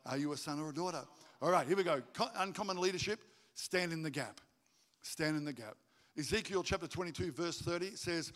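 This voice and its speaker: A man preaching a sermon to his congregation, animated and jokey, acting out stories in high voices. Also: a little fast. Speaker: pastor. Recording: reverberant hall.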